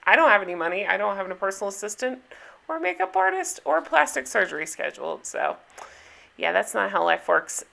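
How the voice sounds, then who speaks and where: A woman's voice: a little high, vocal fry, bright, forceful tone. A middle-aged woman hosting a casual reality TV recap, chatty and sarcastic, laughing often. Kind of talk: casual chat.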